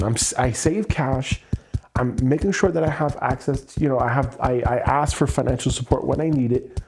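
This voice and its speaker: A man's voice: medium pitch, a little mellow, a little hiss or hum. A man venting his frustration in an emotional livestream monologue, swearing and repeating himself. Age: adult with a child. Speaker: host.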